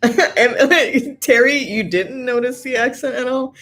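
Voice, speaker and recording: Speaking slowly in a high, somewhat bright voice, a middle-aged woman runs a casual livestream from home and reads out viewer comments in a live chat. She comes across as tired but still chatty, laughing often and leaning on "like" and "you know".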